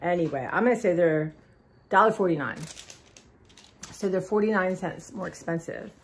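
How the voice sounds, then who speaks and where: Woman in her fifties, husky voice, casual haul vlog, rambling chatty delivery. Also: on the low side. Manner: rambling and chatty, drawn-out y'all and sighs. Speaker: vlogger.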